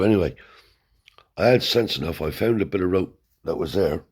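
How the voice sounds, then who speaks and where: A man's voice: low voice, normal speed, slightly rough. A man telling a story from his own life in a blunt, casual way, swearing freely as he goes. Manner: blunt, swears heavily, animated yarn-spinning. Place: seated indoors.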